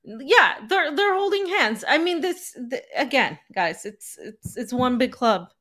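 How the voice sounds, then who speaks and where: A woman's voice: high-pitched, very animated, a little slow, fairly bright tone. A woman co-hosting a casual political talk show, chatty and a bit hesitant, often laughing. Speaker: co-host.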